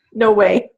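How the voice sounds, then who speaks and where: A woman's voice: on the high side, creaky, a little mellow, slight background noise. A woman in her thirties, a fitness team coach, chatting casually on a team call with many fillers and laughs.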